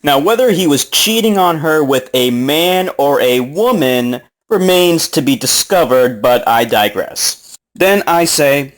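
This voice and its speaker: A man's voice: fairly high pitch, lively intonation, unhurried. A man recounting an online argument in casual commentary, mocking, sarcastic and profane, often breaking into laughs, recorded on a smartphone.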